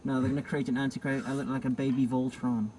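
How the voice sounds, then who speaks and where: A man's voice: mid-range voice, level tone, fast talker, a little mellow, a little hiss or hum, low-quality recording. A man hosting a casual film review chat, riffing in a rambling, sardonic way. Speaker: host film critic.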